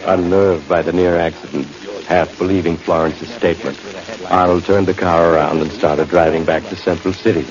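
A man narrating a 1940s radio drama in a measured, formal manner. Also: sits low, steady tone, lightly acted. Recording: dull old radio recording.

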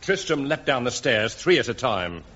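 A man's voice: mid-range voice, very animated, normal speed, fairly bright tone, husky. A man playing parts and narrating in a comic radio sketch, with a dry wisecracking delivery. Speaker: comedy performer. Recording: lo-fi old radio recording, heavy hiss.

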